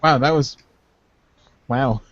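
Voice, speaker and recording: A man making deadpan jokes while riffing on an old movie, with film music behind. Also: medium pitch, slow pace, lo-fi sound. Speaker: comedy film commentator.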